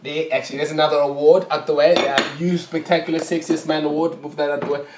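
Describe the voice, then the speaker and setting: A man's voice: on the high side, level tone, quick pace, noisy background. A man from South Africa, a guest on a podcast, chatting in a playful, teasing way. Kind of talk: casual chat.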